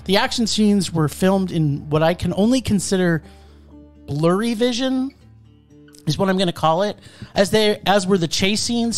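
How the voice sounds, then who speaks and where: A man reviewing a film on a podcast, sarcastic and scathing in a casual chat. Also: high voice.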